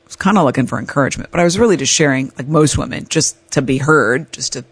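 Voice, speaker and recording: A woman hosting an advice podcast, telling a personal story in a candid, animated way. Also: extremely low pitch, fast talker, slightly rough, no echo. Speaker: podcast host.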